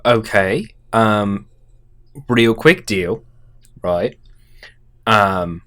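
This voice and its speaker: Guy player rambling slow with lots of ums, bouncy pitch. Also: big pitch swings, fairly bright tone. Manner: hesitant, rambling, laughing. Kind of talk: tabletop role-play.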